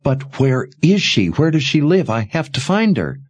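A man's voice: on the high side, big pitch swings, moderate pace, slightly rough, voice pushed up. A man voicing a desperate young woman traveler who pleads and cries out breathlessly. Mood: pleading.

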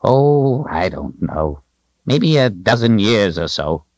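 An old storybook wizard with a thin, bony frame, proud and cryptic, his voice lifted well above the narrator's own as a man puts him on. He swings between ringing proclamations and sly, lowered asides, with a dry, close, slightly muffled sound. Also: big pitch swings, takes it slowly, darkish tone, no room sound. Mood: wry, knowing. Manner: high, ringing proclamations, then wry, secretive asides.

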